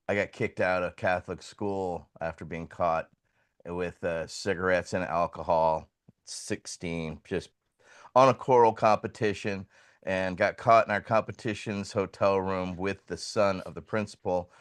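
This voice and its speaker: A man with a low, smooth, resonant voice tells self-deprecating stories in a laid-back chat. The sound is dry and close, with no room in it. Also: no room sound. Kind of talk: casual chat.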